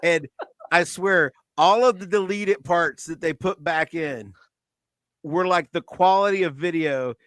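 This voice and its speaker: A male podcast co-host with a notably high voice talks in loose, animated chat, filling his story with "like" and quick laughs. The sound is dry and close, with no room around him. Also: no room sound. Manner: animated retelling with frequent laughs and fillers. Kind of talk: casual chat.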